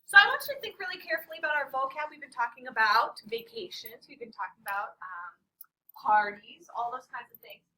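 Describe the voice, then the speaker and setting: Woman teacher running a class, high lively voice, kinda far from the mic. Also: a little fast. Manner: playful, animated, quizzes the class. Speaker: Spanish teacher. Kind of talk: classroom lesson.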